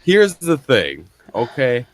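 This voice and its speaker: A man's voice: mid-range voice, huge pitch swings, takes it slowly, a crowd in the background. A man, a player in the game, talking casually in a flustered, apologetic way. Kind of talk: casual chat.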